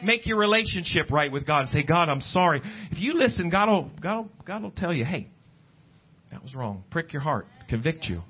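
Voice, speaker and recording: A man preaching a sermon at a church service, talking conversationally and climbing in pitch when he stresses a point. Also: sing-song, a little fast, a little hiss or hum. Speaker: pastor. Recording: dull lo-fi church recording with faint guitar.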